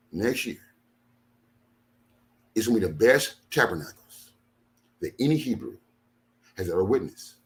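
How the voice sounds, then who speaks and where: Emphatic low-voiced man repeating himself. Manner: emphatic, repeats phrases, swings from low and quiet to loud bursts. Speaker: minister. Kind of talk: impassioned talk to followers.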